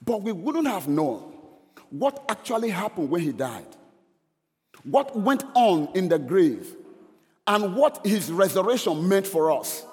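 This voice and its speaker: A man's voice: high-pitched, big pitch swings, a little slow, darkish tone, in a large hall. A male preacher giving a sermon in an earnest, stop-start way, with frequent restarts.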